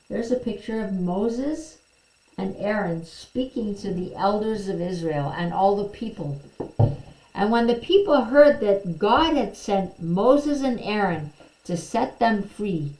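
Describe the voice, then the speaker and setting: Slow, gentle woman telling a Bible story. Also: medium pitch. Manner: slow, gentle storytelling, quoting figures with a bit more lift. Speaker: Bible teacher. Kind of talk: Bible story read aloud to children. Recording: echoey room.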